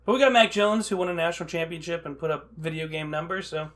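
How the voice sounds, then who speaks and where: Excitable man on a casual chat show. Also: on the high side, quick pace. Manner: excitable, swears freely. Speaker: podcast co-host.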